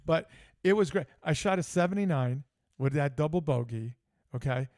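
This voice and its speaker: A man co-hosting a live sports talk show, telling an animated story with frequent laughter. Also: a little high, moderate pace, no room sound, studio quality. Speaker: co-host. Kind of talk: casual chat.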